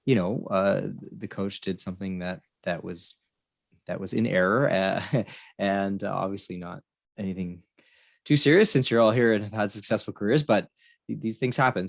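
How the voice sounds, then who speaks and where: A man who works as a coach asks a long question on a webinar in a halting, self-deprecating way. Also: low-pitched, steady tone, gravelly, no room sound, studio quality.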